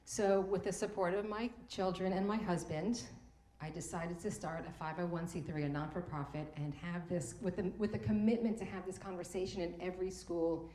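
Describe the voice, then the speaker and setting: Middle-aged woman, mellow, earnest storyteller, emotional, echoey room. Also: lowish voice, steady tone, moderate pace. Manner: heartfelt, emotional, repeats words when moved. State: tearful at times. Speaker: speaker at a morning talk event. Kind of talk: personal storytelling talk. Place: event room.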